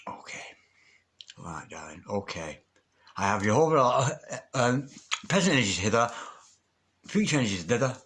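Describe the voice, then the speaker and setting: A man's voice: mid-range voice, a bit bright. A man giving a tarot reading, chanting repeated invocations and calling listeners darling. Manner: affectionate, calls listeners darling. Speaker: tarot reader. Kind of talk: tarot card reading to camera.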